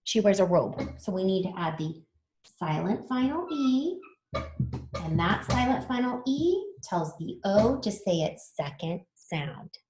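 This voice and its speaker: A woman leads a children's spelling lesson at an unhurried pace. Her pitch swings lively up and down as she patiently sounds out each letter. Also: roomy sound, a little hiss or hum. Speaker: teacher.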